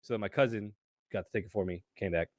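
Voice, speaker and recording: Hombre joven estadounidense contando una anécdota. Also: male voice, lowish voice, fast, no echo, studio quality. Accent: American. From United States. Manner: animated storyteller, acts out voices, swears freely. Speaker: podcast co-host. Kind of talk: casual storytelling chat.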